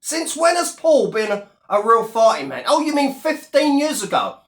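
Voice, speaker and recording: A man's voice: extremely high pitch, sing-song, moderate pace, a bit bright, echoey room. A man in his thirties ranting on his vlog, sneering and swearing at a rival. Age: 30s. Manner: sneering, profane, taunting. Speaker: YouTuber.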